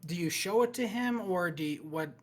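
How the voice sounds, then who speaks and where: Running a cyberpunk tabletop game, this male game master describes each scene in an even, measured way, pausing as he goes. His voice sits high.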